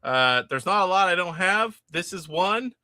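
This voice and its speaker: Hosting a live stream, a man from California works through viewer messages in loose, rambling chat, laughing readily and often starting sentences over. His high, bright voice is expressive at a normal speed, captured close and dry without echo.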